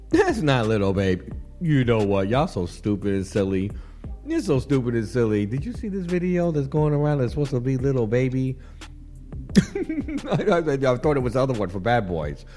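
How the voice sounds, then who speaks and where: Playful radio host man, lively pitch. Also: moderate pace, soft background music. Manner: playful, laughing often, rambling asides. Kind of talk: casual radio chat.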